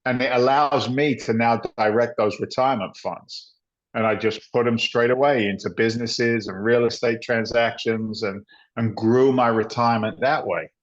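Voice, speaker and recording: Man, middle-aged, guest storyteller, blunt and animated, medium pitch, dull lo-fi sound. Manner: animated storyteller, acts out dialogue, blunt and salty. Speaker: guest, former firefighter turned real estate investor. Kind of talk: conversational storytelling. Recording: dull lo-fi audio.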